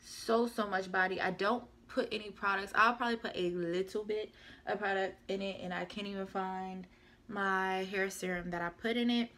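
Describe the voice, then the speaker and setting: A woman's voice: mid-range voice, steady tone, normal speed, fairly bright tone. A young woman vlogger chatting casually and rambling through a product update, often correcting herself. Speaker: beauty vlogger. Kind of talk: casual product review chat.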